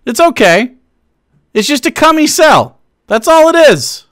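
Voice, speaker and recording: A man's voice: extremely high pitch, very animated, measured pace, fairly bright tone. A man streaming live and commenting casually, chatty and mocking, often laughing and restarting his sentences.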